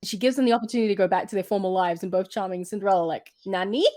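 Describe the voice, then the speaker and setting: A woman's voice: medium pitch, rapid-fire, warm tone. A woman co-hosting a podcast in casual chat, laughing often and acting out characters' lines. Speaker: podcast co-host.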